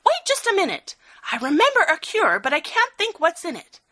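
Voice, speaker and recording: A woman's voice: fairly high pitch, sing-song, moderate pace, bright, forceful tone, exaggerated voice. A woman voicing a wise, determined old male elephant in a storybook reading, earnest in manner.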